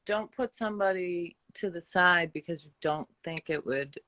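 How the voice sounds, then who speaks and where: An older woman from the Boston area, speaking with a Boston accent, co-hosts a casual chat with a friend and laughs often. Her voice is fairly low and sharp at a moderate pace, with no echo.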